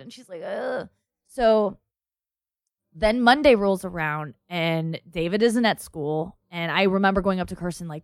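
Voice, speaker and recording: A woman's voice: on the low side, moderate pace, no echo, studio quality. A young adult woman in a casual chat, telling a long personal story and quoting the people in it.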